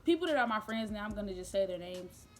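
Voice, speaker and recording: A young woman spins a casual storytime for her vlog in a chatty, animated way, full of fillers and quick laughs. Her voice sits at a middling pitch for a woman. Faint music plays behind her. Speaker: vlogger. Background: faint background music.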